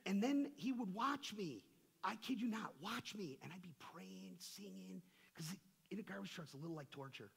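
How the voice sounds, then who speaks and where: A man preaching a sermon as pastor. He is emphatic and swings between loud, forceful passages and quiet, confiding ones. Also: high-pitched, lively intonation, moderate pace, creaky, slightly rough. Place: church sanctuary.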